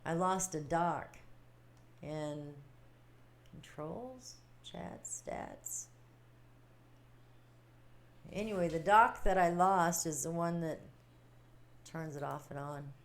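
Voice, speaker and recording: A woman hosting a casual livestream, chatting warmly with viewers, reading their comments and laughing often. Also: sits low, slow, pauses often, a little hiss or hum. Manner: chatty, giggly, reading chat aloud. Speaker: livestream host.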